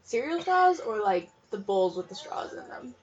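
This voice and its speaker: A young woman co-hosting a casual movie podcast, blunt and swearing freely, getting loudly exasperated. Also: a little high, very animated, moderate pace, muffled recording. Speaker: podcast co-host. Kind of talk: casual movie-watching chat.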